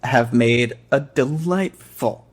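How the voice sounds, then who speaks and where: A man's voice: medium pitch, slow pace, breathy edge. A young American man co-hosting a comedy podcast, bantering in a dry, theatrical, self-mocking way. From United States. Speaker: podcast co-host. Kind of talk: casual comedic chat.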